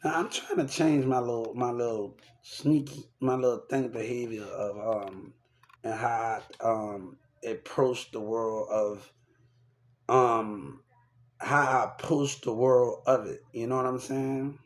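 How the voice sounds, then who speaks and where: A man's voice: medium pitch, steady tone, slow. A young man talking in a rambling, repetitive and profane way, venting about people in his life in a casual rant to camera. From Texas.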